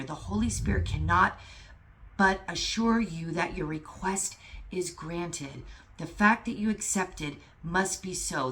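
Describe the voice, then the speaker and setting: A woman with a low, deep voice reads from a spiritual lesson and breaks into fervent, emphatic commentary. She talks plainly and casually, swearing now and then as she urges her listeners on. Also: a bit bright. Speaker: spiritual teacher.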